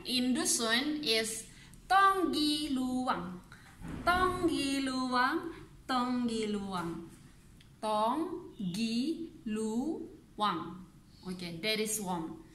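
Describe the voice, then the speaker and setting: A young woman teaching animal names in a casual lesson, mixing English and Malay, slowly repeating each word and laughing at herself now and then. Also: on the high side, sharp tone, roomy sound. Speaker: language teacher on a video channel.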